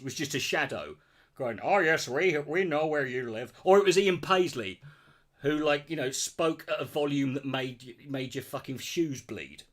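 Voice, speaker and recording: A man's voice: medium pitch, fairly bright tone. A British man in his forties, ranting bluntly and sarcastically with heavy swearing while answering his chat. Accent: British English. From Britain.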